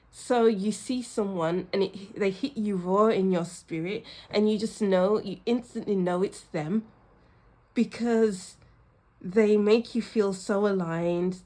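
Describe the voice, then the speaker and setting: A woman giving a pick-a-card tarot reading, speaking emotionally and effusively straight to her viewers. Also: mid-range voice. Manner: effusive and emotional, often laughing and sighing; talks straight to the viewer, warm and reassuring. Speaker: tarot reader.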